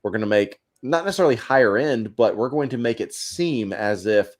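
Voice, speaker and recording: A man's voice: medium pitch, expressive, brisk, a little mellow. A man co-hosting a casual livestream. He talks a lot and explains his points at length. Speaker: co-host.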